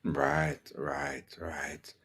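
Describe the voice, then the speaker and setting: A man's voice: very deep voice, lively intonation, drawn-out words, gravelly, a bit bright, slightly rough. A man hosting an interview show, affirming his guest with sympathetic interjections. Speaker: host.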